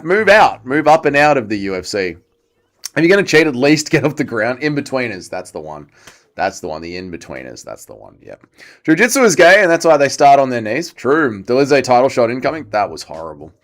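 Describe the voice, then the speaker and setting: Young Australian male streamer, crude, scoffing delivery with a lively pitch. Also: brisk. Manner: profane, mocking, reads chat aloud. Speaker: livestream host. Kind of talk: casual fight-watching commentary.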